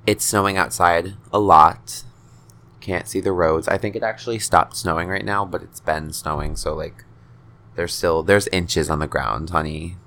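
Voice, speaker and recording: A man with a very low, deep voice talks loosely to his listeners from his bedroom. His delivery is chatty and informal, full of fillers and offhand swearing. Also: fairly bright tone. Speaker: podcast host. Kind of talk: casual solo podcast chat. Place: bedroom at home.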